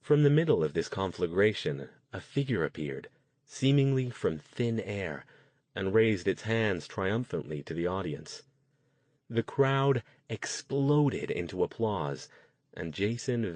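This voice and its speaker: Low-voiced male audiobook narrator. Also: animated, measured pace, a little mellow, no echo. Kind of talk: scripted narration.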